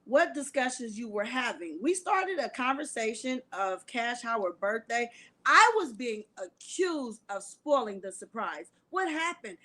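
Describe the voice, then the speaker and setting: A woman's voice: a little high, big pitch swings, measured pace, sharp tone. A woman reading court testimony aloud on camera and commenting on it to her viewers in a casual, chatty way. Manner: breaks into laughter while reading, talks to viewers as y'all; prays aloud for composure. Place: at home, alone on camera.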